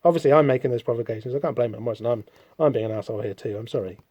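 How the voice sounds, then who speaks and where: A man's voice: mid-range voice, racing, dark tone, dry recording, lo-fi sound. A man hosting a casual solo podcast, rambling through a comic book with self-deprecating, apologetic asides. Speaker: podcast host.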